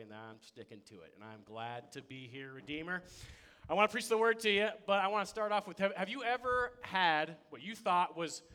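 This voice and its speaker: A young adult man preaching a sermon as a pastor, telling stories with energy and swinging between loud excitement and quiet. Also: a little high, clean tone. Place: church sanctuary.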